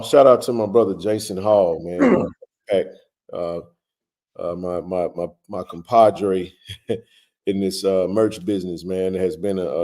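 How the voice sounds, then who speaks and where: A man hosting a casual live stream, greeting viewers by name with a relaxed, filler-heavy way of talking. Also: low voice.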